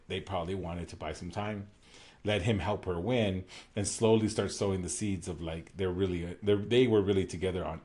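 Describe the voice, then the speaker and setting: Casual co-host, male, very low voice, rambling recap chat. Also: a little mellow. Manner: rambling, with many fillers and self-corrections. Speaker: podcast co-host.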